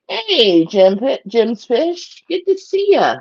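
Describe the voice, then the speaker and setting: A woman's voice: sits high, dull audio, slight background noise. A chatty woman hosts a casual morning live stream and greets her viewers by name. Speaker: aquarium live-stream host.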